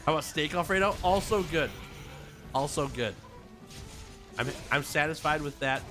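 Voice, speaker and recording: A man's voice: fairly high pitch, moderate pace. A man streaming a game, chatting casually and playfully with his viewers, laughing often and reading their messages aloud. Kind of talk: casual livestream chat with viewers. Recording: game music playing behind.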